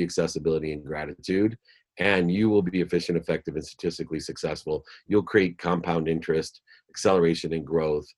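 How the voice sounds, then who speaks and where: Male guest, very low-pitched, motivational speaker who stacks phrases for emphasis. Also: a little mellow. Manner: emphatic, lists ideas in rhythmic phrases; acts out voices when telling a story. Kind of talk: motivational talk.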